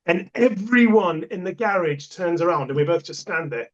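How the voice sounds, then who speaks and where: A man's voice: sits high, expressive, moderate pace. A man, a podcast guest, telling stories in a casual, emphatic way and repeating himself for effect. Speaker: portable toilet supplier, podcast guest. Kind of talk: casual storytelling. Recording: dull lo-fi sound.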